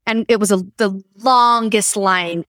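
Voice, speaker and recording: A woman's voice: medium pitch, a little slow, no echo. Earnest woman host, dry close sound. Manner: earnest, animated storyteller. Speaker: podcast host. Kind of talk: casual interview storytelling.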